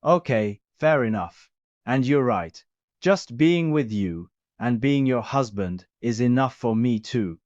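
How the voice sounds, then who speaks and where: A man voicing a tender, affectionate young man in love, speaking softly and sentimentally. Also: medium pitch, lively intonation, slow pace, no room sound. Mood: happy. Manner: soft, gushing and sentimental. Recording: dull lo-fi recording.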